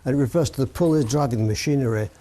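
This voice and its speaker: A man's voice: mid-range voice, racing, mellow. A man, a dialect teacher, explaining old expressions fondly. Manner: explanatory, fond.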